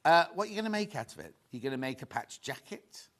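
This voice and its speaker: A man presenting a live shopping show, chatty and excitable, rambling to the crew and viewers between sales. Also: fairly high pitch, quick pace. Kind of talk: live selling chat.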